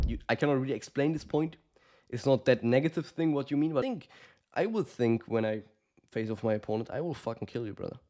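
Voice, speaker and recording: A man's voice: mid-range voice, warm tone. A man giving casual, blunt coaching advice to the camera, swearing often and calling the listener brother. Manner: acts out quoted lines of fighters. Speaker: combat sports coach.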